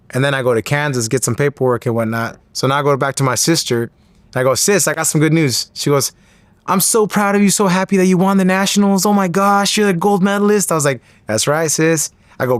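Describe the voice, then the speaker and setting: Animated storytelling man, dry close sound. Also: no echo. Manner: acts out quoted voices with rising pitch. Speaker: interview guest.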